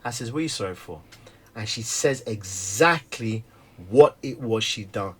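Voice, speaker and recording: A man's voice: fairly low pitch, lively intonation, moderate pace, fairly bright tone, husky. A middle-aged man, talking candidly about being a dad, who tells stories animatedly and acts out the dialogue. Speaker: stay-at-home dad. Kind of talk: candid conversation.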